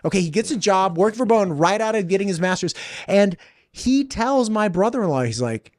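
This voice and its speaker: Lively storytelling man, dry close sound. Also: sits high, no echo. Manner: animated, laughs often, builds anecdotes in quick bursts. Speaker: podcast host. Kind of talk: casual storytelling chat.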